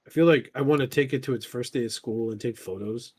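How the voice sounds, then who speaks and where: A man hosting a podcast, chatting casually, excitable and jokey with lots of swearing. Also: mid-range voice, fast, husky. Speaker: podcast host. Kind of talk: casual chat.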